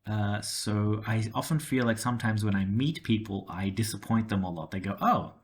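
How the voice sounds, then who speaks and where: A man's voice: on the low side, steady tone, normal speed, a little mellow, a little hiss or hum. A man with a mild Australian accent telling a personal story to camera, with many fillers and restarts. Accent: Australian, toned down. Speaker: language-learning vlogger.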